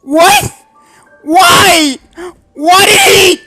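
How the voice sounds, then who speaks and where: Man doing an anxious young female husky. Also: high voice, unhurried, soft background music, voice pushed up. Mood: panicked. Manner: pleading, then panicked and crying.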